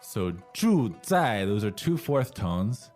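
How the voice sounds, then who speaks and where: A man's voice: fairly low pitch, very animated, slow pace, darkish tone, faint music behind. A man co-hosting a language lesson, translating and asking guiding questions in a casual way. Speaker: lesson co-host.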